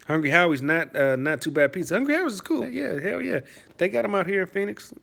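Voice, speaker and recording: A man's voice: high-pitched, vocal fry, a bit bright. Profane, rambling man chatting on a stream. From Detroit, USA. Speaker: livestreamer reading chat. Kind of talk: casual live-stream chat.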